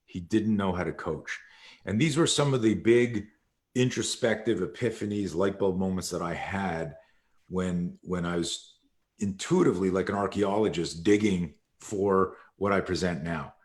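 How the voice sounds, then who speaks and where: Man, very deep voice, martial arts instructor telling a story, acts out the dialogue. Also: moderate pace. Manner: animated storyteller acting out quoted dialogue. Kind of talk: storytelling interview. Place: live video call.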